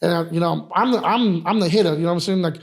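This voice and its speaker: A man who heads a security crew, telling club stories in a casual, profane, animated way. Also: high voice, fast talker, gravelly. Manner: profane, animated storyteller, repeats "you know what I mean". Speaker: guest, head of a security firm. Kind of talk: casual podcast storytelling.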